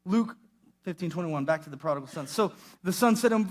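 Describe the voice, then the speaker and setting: A young adult man preaching a sermon, animated and acting out the voices he quotes. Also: fairly high pitch, quick pace. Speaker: pastor.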